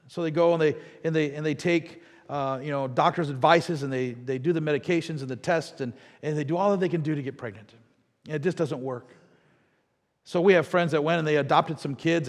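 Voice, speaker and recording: A middle-aged man from the American Midwest, preaching a sermon with lively storytelling and asides to the congregation. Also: fairly high pitch, long reverb tail. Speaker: pastor. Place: church sanctuary.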